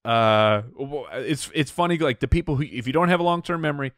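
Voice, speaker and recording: A man's voice: medium pitch, brisk, no room sound, clean studio sound. A man co-hosting a comedy podcast, chatting playfully in casual banter. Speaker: podcast co-host.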